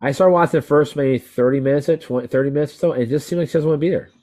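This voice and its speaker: A man co-hosting a wrestling podcast, chatting casually in an animated, rambling way with frequent swearing. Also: fairly high pitch, very fast. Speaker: podcast co-host. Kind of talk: casual chat.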